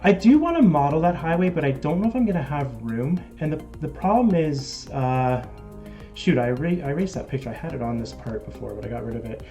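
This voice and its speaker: A man's voice: on the high side, animated, fairly quick, warm tone, muffled recording, faint music behind. A man with a Canadian accent hosting a casual live stream, chatting and reading out viewer comments. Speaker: model railroad live-stream host.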